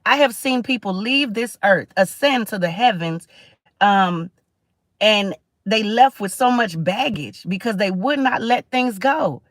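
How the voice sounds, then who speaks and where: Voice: medium pitch, expressive, measured pace, a bit bright, no room sound. A Caribbean-born livestream host giving a preachy, conversational motivational talk, often checking in with listeners and answering viewer comments.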